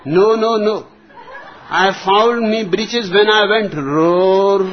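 A man voicing a pompous old retired British army colonel telling a joke, with slow, blustering boasts. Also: on the high side, slight background noise. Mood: flustered. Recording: dull lo-fi recording.

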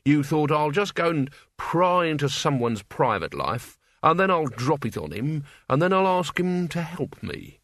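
A man voicing a grumpy, surly old male servant who talks in a slow, grudging growl. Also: a little high, very animated, fairly bright tone, pitched above the performer's own voice, exaggerated voice. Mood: grumbling.

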